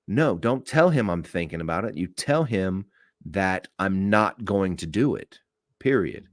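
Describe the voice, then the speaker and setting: Guy with a real low voice telling a work story, blunt and cussing, acts out the quotes, dry close sound. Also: unhurried, no echo. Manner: blunt and profane, animated retelling with acted-out quotes. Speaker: podcast host. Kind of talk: unscripted storytelling rant.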